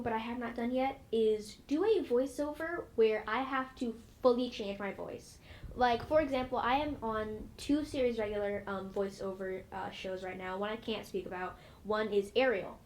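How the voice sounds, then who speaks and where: A woman's voice: on the high side, normal speed. A young woman, an actress, chatting in an interview with a bubbly, rambling manner full of fillers. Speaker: actress guest. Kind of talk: casual interview.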